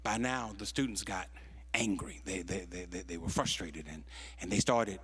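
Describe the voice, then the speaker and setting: This deep, slightly rough voice belongs to a pastor in his sixties delivering a sermon built around a story. His volume swings from hushed to loud peaks, and he draws key phrases out slowly.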